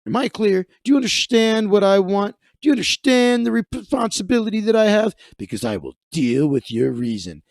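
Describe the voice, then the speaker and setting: A man voicing a furious male movie star in a British accent, yelling profane threats at a film crew. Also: sits high, sing-song, moderate pace, hardly any pauses, dry recording, pitched above the performer's own voice. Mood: furious rant.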